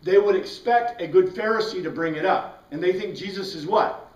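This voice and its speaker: Guy teaching bible class, kinda high voice, echoey room, mic way off. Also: moderate pace. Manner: asks the class questions and answers them himself. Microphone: far from the mic. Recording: roomy, distant, dull classroom recording.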